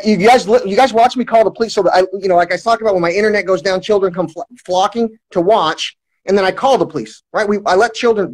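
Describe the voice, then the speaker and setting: A man's voice: high voice, poor audio. A man talking to his livestream viewers in a long, rambling monologue, full of restarts and swearing. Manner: repetitive restarts, heavy swearing.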